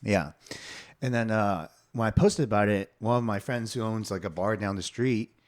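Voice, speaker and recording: A man's voice: on the low side, normal speed. A young man hosting a casual podcast, telling stories animatedly with lots of fillers and some swearing. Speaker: podcast host.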